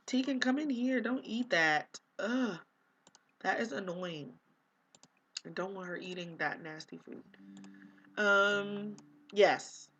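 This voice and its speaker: Bright-voiced young woman chatting over gameplay. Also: mid-range voice, muffled recording. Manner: chatty, exasperated, lots of "like" and "um". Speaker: gaming vlogger. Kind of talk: casual life-sim gameplay commentary.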